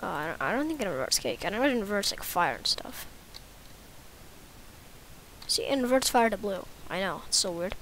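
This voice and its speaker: A woman's voice: medium pitch, sing-song, moderate pace, pauses often, fairly bright tone, slight background noise. A woman giving casual, rambling, self-mocking commentary while playing a video game. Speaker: gaming YouTuber.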